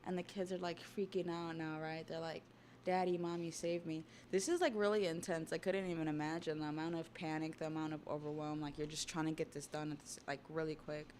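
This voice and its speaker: A young adult woman livestreaming as she reacts to a manga, chatty and excitable, with casual swearing. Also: low-pitched, fast talker, few pauses, slight background noise. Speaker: streamer.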